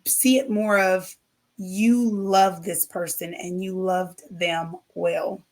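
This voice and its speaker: A woman speaking as a podcast guest, gentle and reflective, in a measured faith-based conversation. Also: fairly low pitch, fairly even intonation.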